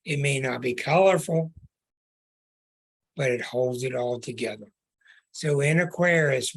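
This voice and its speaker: Slow, husky-voiced astrologer man. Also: mid-range voice, a bit bright. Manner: earnest, preaching, stretches words for emphasis. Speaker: astrologer and show host. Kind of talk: podcast monologue.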